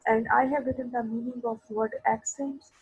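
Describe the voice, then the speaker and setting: A woman teaching an English literature class online, explaining a poem slowly and mixing Urdu phrases into her English. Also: fairly high pitch, steady tone, breathy edge, poor audio. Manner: explains slowly, mixes Urdu into English, asks students for replies.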